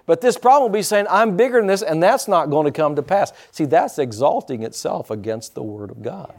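A pastor delivering a sermon, preaching emphatically and breaking into dramatic shouts. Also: male voice, a little high, animated, a little fast.

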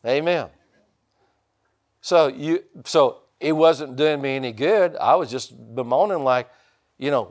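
A man's voice: unhurried, long pauses. Folksy rambling man preaching. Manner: folksy, rambling, with many restarts; swings up high and loud when excited. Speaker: pastor. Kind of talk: sermon.

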